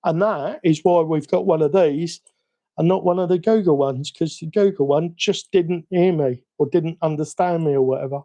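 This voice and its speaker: Cockney man, slightly high voice, mellow tone, easygoing live-stream chatter, self-mocking. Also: normal speed. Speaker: hobby livestream host. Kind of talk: casual live-stream chat while working.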